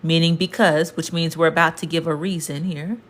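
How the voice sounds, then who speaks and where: A woman with a fairly low voice teaches a relaxed language lesson. She explains each point patiently and goes over it again, talking straight to the viewer. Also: a little fast. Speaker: Spanish teacher.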